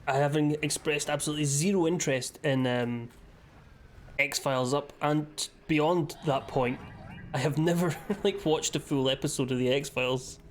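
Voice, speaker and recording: A man's voice: on the high side, steady tone, normal speed, a little hiss or hum. Sweary man streaming a game. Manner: rambling, sweary, giggly asides. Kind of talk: casual live-stream chat.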